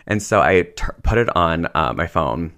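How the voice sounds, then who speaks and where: A man's voice: low voice, lively intonation, moderate pace, fairly bright tone, clear, resonant tone. A man, a therapist co-hosting a podcast, telling chatty stories full of "like". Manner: chatty storyteller, heavy use of "like". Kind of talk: casual podcast chat.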